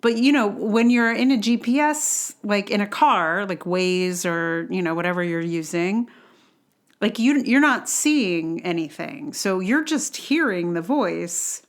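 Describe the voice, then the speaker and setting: A woman's voice: mid-range voice, lively intonation, a little slow. A woman from New York hosting a solo podcast, talking in a rambling, chatty way with self-deprecating asides. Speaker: podcast host.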